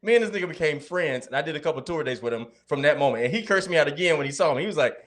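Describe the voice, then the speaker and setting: A man's voice: a little high, lively intonation, racing. A man who is a comedian guest, telling a funny story in an easygoing, chatty way.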